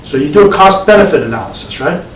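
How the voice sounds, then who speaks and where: A man with a high-pitched voice and lively intonation speaks at a quick pace while teaching a live spiritual class. The meditation teacher keeps his dharma talk conversational, with repeated words and wry asides. Echo, a distant mic and faint hiss color the audio.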